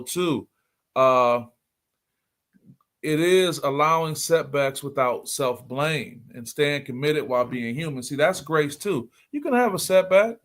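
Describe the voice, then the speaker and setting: A man's voice: fairly high pitch, a bit bright. A middle-aged man hosting a motivational livestream, speaking earnestly and repeating key points for emphasis. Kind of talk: motivational talk.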